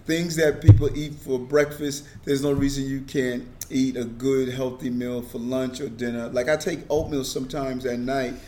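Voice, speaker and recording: A middle-aged man speaks earnestly as an interview guest, often repeating a word as he gets a sentence going. His pitch sits at an ordinary level for a man. A faint hiss runs under the recording. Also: little pitch movement, moderate pace, few pauses, warm tone. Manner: earnest, repeats words when starting sentences. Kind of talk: casual conversation.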